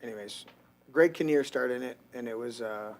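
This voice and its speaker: A man's voice: mid-range voice, moderate pace. A man hosting a casual podcast, rambling through stories and swearing freely. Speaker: podcast host. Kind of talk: casual chat.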